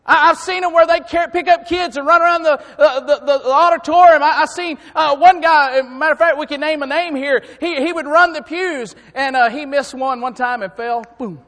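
A man preaching a sermon, swinging from quiet talk up to fervent, shouting peaks. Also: very high voice, fairly even intonation, a little fast, few pauses. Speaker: preacher and song director. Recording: long hall reverb.

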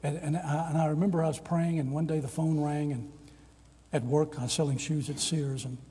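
A man's voice: a little high, a little fast, breathy edge. An older man preaching a storytelling sermon, acting out the voices in his stories. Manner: animated storyteller, acts out quoted voices. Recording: long reverb of a large hall.

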